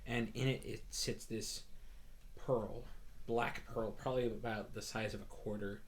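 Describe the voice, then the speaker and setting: A man's voice: lowish voice, fairly even intonation, measured pace. A man running a tabletop game as game master, describing scenes at length with frequent hesitations. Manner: descriptive, many fillers and restarts.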